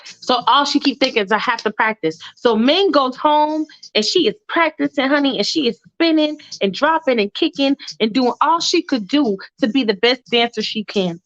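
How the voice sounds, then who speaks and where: A woman's voice: sits high, animated, normal speed, highs cut off. A woman telling a freestyle story in a chatty way, with sassy asides.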